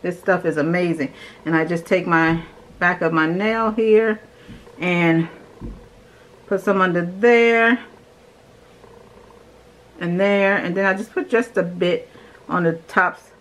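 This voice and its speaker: A young beauty vlogger with a slightly lower voice casually demos her morning skincare routine at home, chatting enthusiastically and easygoing as she works through each step. Her intonation is fairly even, she takes it slowly with long pauses, and the recording is rough.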